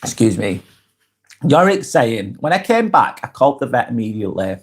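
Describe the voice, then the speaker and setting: A man hosting a live vlog, reading comments aloud and answering them bluntly, often swearing, then softening to reassure. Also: mid-range voice, very animated, moderate pace, husky. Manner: blunt, sweary, swings between brusque and reassuring. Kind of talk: casual live vlog chat.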